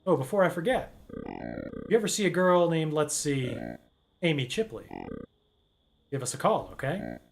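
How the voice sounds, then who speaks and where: A man voicing a gruff, folksy office worker on a phone call, drawling and calling the caller girl. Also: on the high side, wildly swooping pitch, normal speed, long pauses, a little hiss or hum, full character voice.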